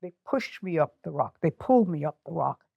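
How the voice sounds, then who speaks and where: A woman's voice: low voice, expressive, brisk, creaky, no room sound, highs cut off. An older woman telling an emotional personal story on stage, candid and self-mocking. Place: community center event.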